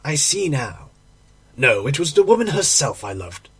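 Guy reading an old story, breathy husky voice, swings up and down a lot. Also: on the high side, normal speed. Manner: expressive, emotional storytelling. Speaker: audiobook reader. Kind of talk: dramatic audiobook narration.

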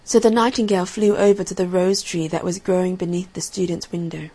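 A woman narrates a fairy tale in a soft, measured voice. Her storybook reading is calm and even, a little quieter than the lines she acts out. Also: fairly low pitch.

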